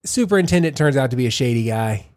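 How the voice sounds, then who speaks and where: A man's voice: mid-range voice, animated, quick pace, a little mellow. A man with an East Texas accent co-hosting a podcast, retelling a movie in a joking, teasing way. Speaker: podcast co-host. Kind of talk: casual chat.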